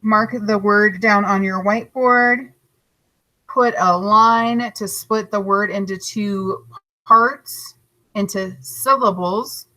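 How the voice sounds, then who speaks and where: A woman teacher giving a recorded lesson to young children, stretching out each word slowly and encouraging them. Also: medium pitch, steady tone, sharp tone, rough recording. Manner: slow, drawn-out modeling of words, encouraging.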